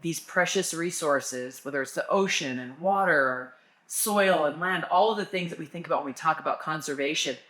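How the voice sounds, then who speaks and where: A woman speaking as an interview guest, earnest and thoughtful, laughing along and pausing to find her words. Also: low voice, fairly bright tone, roomy sound. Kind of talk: casual interview.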